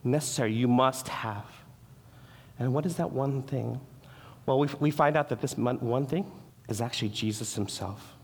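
Earnest pastor in a reverberant hall. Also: male voice, medium pitch, moderate pace, breathy edge. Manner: earnest, repeats and restarts words, acts out quoted voices. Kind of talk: sermon.

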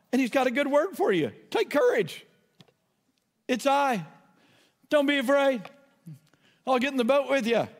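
A man's voice: extremely high pitch, long reverb tail. A man preaching a sermon as a pastor, impassioned, pleading and exclaiming to his listeners.

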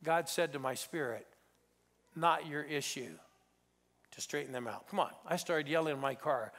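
A middle-aged man preaching a sermon as a storyteller, moving between loud exhortation and hushed intensity. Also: fairly high pitch, normal speed, gravelly. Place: church sanctuary.

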